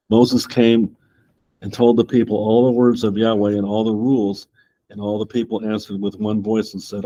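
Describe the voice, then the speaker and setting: A man with a low, mellow voice leads a Bible class. He reads the scripture in an even, steady way, then drifts into relaxed asides full of restarts. The tone stays plain and unhurried, like a teacher talking to a small group. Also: rough recording. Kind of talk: Bible study lesson, reading scripture with commentary.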